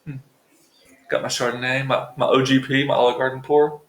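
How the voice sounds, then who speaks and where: A man's voice: mid-range voice, level tone, brisk. Chatty joking man in a roomy echo. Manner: profane, joking, rambling asides. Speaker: vlog host. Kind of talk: casual chatty monologue to viewers.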